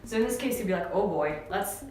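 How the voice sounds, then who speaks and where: A young woman from Canada, explaining English phrases in a relaxed, chatty lesson with many fillers. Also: fairly high pitch, quick pace. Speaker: English teacher. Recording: very echoey room with faint music.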